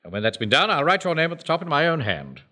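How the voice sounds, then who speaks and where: An actor playing a pompous, self-important bank manager who also commands a volunteer platoon, speaking in a commanding manner. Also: male voice, on the high side, wildly swooping pitch, fast, pushed and bright, exaggerated voice. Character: pompous middle-aged male bank manager and platoon officer. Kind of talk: period sitcom acting.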